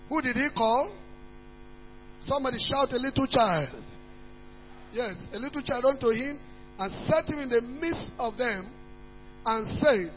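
A male pastor delivers an emphatic sermon, repeating key words and reading scripture. His voice sits very high for a man. It rings through a large hall with a long reverb, and faint music and hum sit underneath. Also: lively intonation, measured pace, long pauses, highs cut off.

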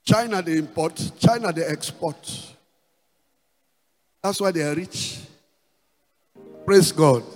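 A man's voice: fairly high pitch, takes it slowly, long pauses, a little mellow. A man with a Nigerian accent preaching a sermon as pastor, repeating words and dropping in asides like "praise the Lord". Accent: Nigerian English. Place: church hall. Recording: reverberant church hall with faint music.

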